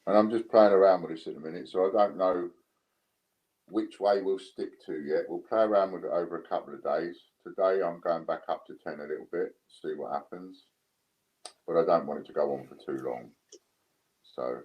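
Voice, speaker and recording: A British man hosting a casual live stream, relaxed as he counts down bids. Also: low-pitched, normal speed, highs cut off. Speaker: live stream host running coin auctions.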